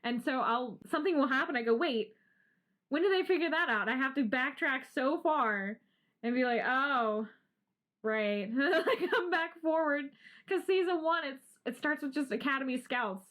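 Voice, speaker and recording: Young woman co-host, bright higher voice, animated, laughs a lot, curses casually. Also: normal speed. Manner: animated, laughing, swears freely. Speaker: podcast co-host. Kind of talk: casual chat.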